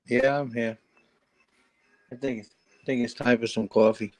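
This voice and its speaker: A man's voice: mid-range voice, steady tone, moderate pace, a little mellow, rough recording. Brooklyn guy on a voice chat, laid back, laughs a lot. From Brooklyn, New York. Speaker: chat participant. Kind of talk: casual online chat.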